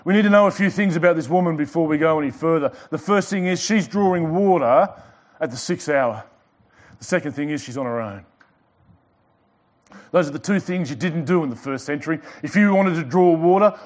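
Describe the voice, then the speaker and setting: A male pastor preaching a sermon to a church congregation. He swings between loud emphasis and quiet passages, with light joking asides. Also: on the high side. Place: church service before a congregation.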